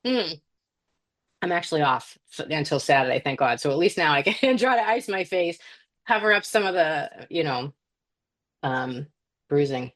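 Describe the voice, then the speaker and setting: Lively, laughing woman telling a story. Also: low-pitched, moderate pace, long pauses. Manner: animated storytelling, laughs often, swears. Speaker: podcast co-host, nurse. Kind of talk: casual chat.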